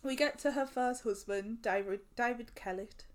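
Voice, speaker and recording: A woman's voice: fairly high pitch, moderate pace. A woman co-hosting a podcast, reading a true-crime story aloud in a casual, giggly way and swearing freely. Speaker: podcast co-host.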